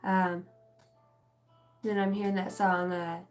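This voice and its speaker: A woman's voice: lowish voice, little pitch movement, slow pace, soft background music, rough recording. A woman in her thirties giving a casual, profane, rambling live tarot reading as a channeler. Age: 30s.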